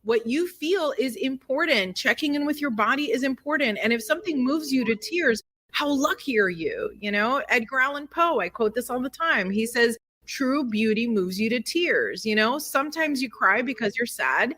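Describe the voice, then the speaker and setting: A middle-aged woman co-hosting a spiritual podcast, chatting loosely and emotionally. Her voice is bright and fairly high. She strings thoughts together with lots of "like" and "you know". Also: expressive, moderate pace, hardly any pauses. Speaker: podcast co-host. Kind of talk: casual chat.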